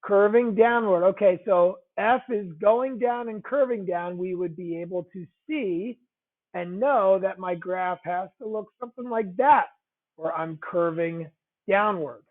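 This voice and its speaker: This man speaks in a high register at a measured pace while teaching a math lesson. He keeps a conversational tone, repeats key phrases, and checks in with the class, and the audio sounds tinny, like a phone.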